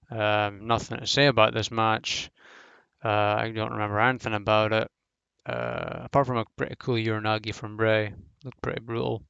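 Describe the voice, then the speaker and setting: A man's voice: on the low side, creaky, fairly bright tone, smooth, dry recording, lo-fi sound. A man giving a casual, rambling review of a wrestling show, blunt and swearing freely, with lots of fillers.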